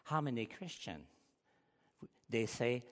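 A man's voice: medium pitch, very animated, slow. A pastor preaching a sermon with emphatic, rising delivery, speaking English as a with as his first. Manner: emphatic preaching, rising loud on key points, non-native grammar. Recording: long hall reverb.

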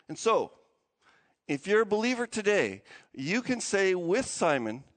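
A man's voice: sits high, slow pace, long pauses, big-room sound. A man preaching a sermon as pastor, asking the congregation for responses. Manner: animated preaching with call-and-response.

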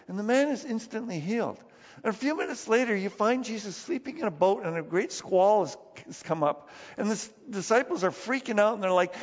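A man with a high voice preaching a sermon in a church hall with long reverb. He is lively and talks casually, acting out the scenes he tells. The sound is dull. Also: brisk. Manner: animated, acts out Bible scenes. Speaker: pastor.

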